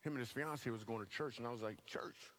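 A man's voice: medium pitch, quick pace, fairly bright tone. A man from Michigan, a comedian, telling a funny personal testimony to a church audience and acting out other people's voices. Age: adult. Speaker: comedian and guest speaker. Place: church hall with a live audience.

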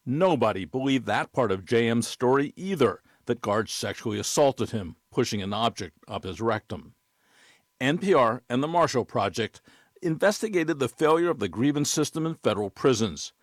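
A man reporting as an investigations correspondent, reading a scripted news report in a measured, even way. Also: medium pitch, no room sound. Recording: dry studio voice.

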